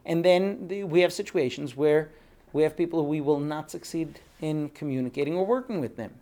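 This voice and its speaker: A man teaching a Torah class, telling stories with animated acted-out quotes and frequent fillers. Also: on the high side, brisk. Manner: animated storyteller who acts out quoted speech.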